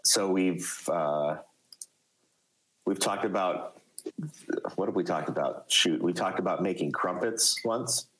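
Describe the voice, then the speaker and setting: A man with a Chicago accent hosting a casual live podcast chat, talking haltingly with many fillers and restarts. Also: low voice, fairly bright tone, rough recording. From United States. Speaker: podcast host.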